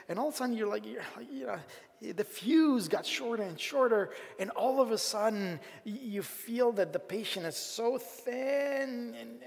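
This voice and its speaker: A male pastor preaching a conversational, animated sermon, often acting out the voices of grumbling people. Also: high-pitched, creaky. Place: church sanctuary. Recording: long hall reverb.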